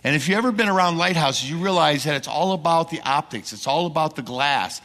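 Middle-aged preacher guy, high bright voice, animated storytelling sermon, long church reverb. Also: brisk. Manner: animated storyteller acting out quoted people. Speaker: missionary preacher. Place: church sanctuary. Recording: long reverb in a large hall.

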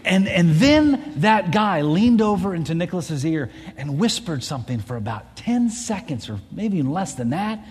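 Pastor guy in his 40s telling a story, high voice, lots of restarts, big echoey church hall. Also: normal speed, hardly any pauses, husky. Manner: animated, repetitive restarts. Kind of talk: sermon storytelling. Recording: long hall reverb.

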